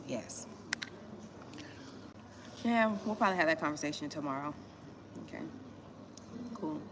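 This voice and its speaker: Blunt Miami woman with a low voice. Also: gravelly, background noise. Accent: Southern US (Miami). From Miami, Florida, USA. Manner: blunt, slangy, talks straight to viewers. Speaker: small business grants YouTuber. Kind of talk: casual livestream chat answering viewers. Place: West Africa.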